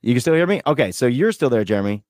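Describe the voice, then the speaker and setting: A man's voice: mid-range voice, sing-song, racing, a little mellow, no echo. Chatty joking man, dry close sound. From Vermont, USA. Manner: talkative, joking, swearing freely. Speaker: podcast co-host. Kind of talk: casual podcast chat.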